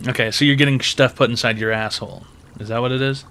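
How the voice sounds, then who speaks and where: A man hosting a crude comedy call-in show, with a bright, cutting voice. He is blunt, profane and mocking toward his callers. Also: medium pitch, fairly even intonation, fast talker. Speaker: advice show host.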